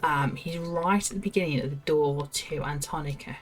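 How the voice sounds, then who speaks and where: Brief: woman, game streamer, lowish voice, chatty and giggly, faint music behind. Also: normal speed. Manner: chatty, giggly, talks to herself. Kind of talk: casual gameplay commentary, reading quest text aloud.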